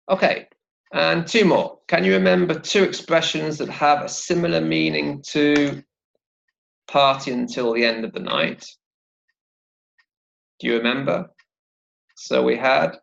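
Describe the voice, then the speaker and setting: Slow, gravelly-voiced English teacher. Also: male voice, fairly high pitch, fairly bright tone, lo-fi sound. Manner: slow, deliberate, models pronunciation for repetition. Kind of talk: IELTS vocabulary lesson.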